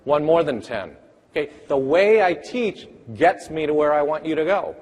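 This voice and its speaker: A man presenting a math teaching workshop, energetically firing quick questions at the audience. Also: on the high side. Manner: energetic, rapid-fire quizzing of the audience. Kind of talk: interactive conference workshop talk. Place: large conference hall. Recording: long hall reverb.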